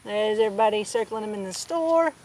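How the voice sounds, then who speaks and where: A woman's voice: mid-range voice, animated, a little fast, a little mellow, a little hiss or hum, rough recording. A woman reading a children's picture book aloud outdoors on a farm, with playful asides to her animals. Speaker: storybook reader.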